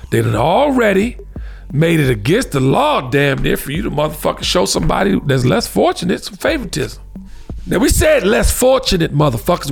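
A man's voice: high-pitched, creaky, husky. A middle-aged man from Washington, D.C., hosting a talk show and delivering an impassioned, profane, preachy rant. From Washington, D.C., USA. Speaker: host. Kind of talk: heated podcast discussion.

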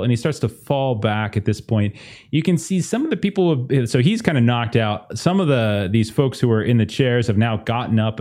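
A young man narrating a tabletop game as game master, chatty and relaxed with many fillers. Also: mid-range voice.

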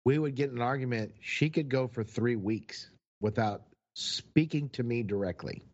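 A man's voice: medium pitch, normal speed, darkish tone. A middle-aged man in casual chat, telling wry, candid stories about past relationships. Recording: dull lo-fi recording.

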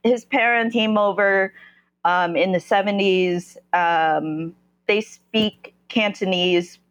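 A woman from New Jersey, a podcast guest, telling her personal story candidly in a halting way, often stopping and restarting as she searches for words. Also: medium pitch, a bit bright.

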